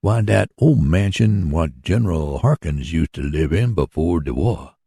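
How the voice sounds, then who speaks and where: A man's voice: sits low, lively intonation, measured pace, gravelly, mellow, breathy edge, dry recording, studio quality, heavily acted. A man reading as a folksy old sawmill worker. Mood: earnest. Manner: folksy, earnest, rambling. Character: hard-working older man running a mule sawmill.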